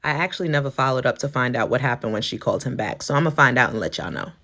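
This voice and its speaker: A woman's voice: rumbling low, racing, creaky, soft background music. A woman healthcare provider casually telling a story to camera, acting out each line of the dialogue. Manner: lively, acts out the dialogue.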